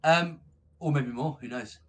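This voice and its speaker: A man's voice: a little high, measured pace. A man, a band vocalist telling casual stories, swearing freely and calling people mate. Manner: swears freely, says "mate" often, animated. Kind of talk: casual storytelling chat.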